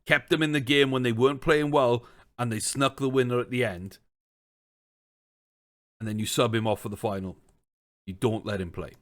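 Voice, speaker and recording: A man's voice: mid-range voice, steady tone, moderate pace, long pauses, a bit bright. Chatty man ranting over a game. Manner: chatty, exasperated rants, thinks aloud. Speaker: gaming streamer. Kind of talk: casual let's-play commentary.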